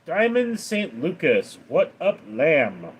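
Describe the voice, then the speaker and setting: A man hosting a casual livestream Q&A reads donor names and viewer questions from the chat in a lively, raised voice, then answers them flat and low. His delivery is slow and husky.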